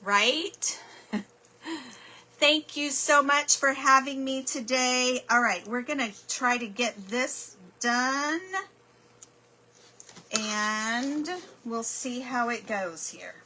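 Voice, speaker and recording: Slow-talking bright-voiced woman crafter. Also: on the high side, rough recording. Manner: chatty, apologetic, flustered. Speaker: crafter hosting a live stream. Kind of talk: casual craft livestream chat.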